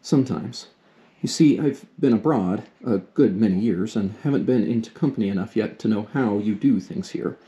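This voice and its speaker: A polite, bashful but good-humored teenage boy from a classic storybook, speaking pleasantly in a low, mellow voice, as a man reads him aloud. His manner is courteous and easy. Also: moderate pace, dull audio, lightly acted.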